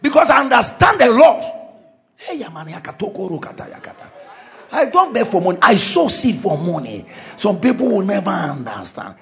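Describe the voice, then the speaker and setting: Man, pastor, fervent charismatic sermon, high voice, swooping animated delivery. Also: brisk, vocal fry. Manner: fervent, shouting declarations and decrees.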